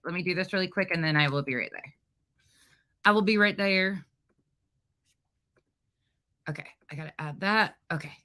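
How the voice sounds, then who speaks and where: A woman hosting a casual livestream, greeting her viewers by name in a chatty, lively way. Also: lowish voice. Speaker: livestream host.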